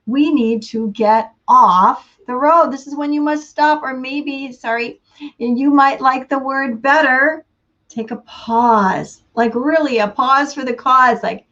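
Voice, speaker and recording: A woman giving a casual inspirational talk, unhurried and laughing often between thoughts. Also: fairly high pitch, a bit bright, muffled recording. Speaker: motivational speaker.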